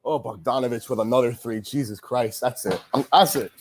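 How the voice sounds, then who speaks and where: A man's voice: medium pitch, brisk, background noise. A man hosting a casual sports show, venting with frustration, swearing and rambling through restarts. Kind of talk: casual pregame-style sports chat, venting.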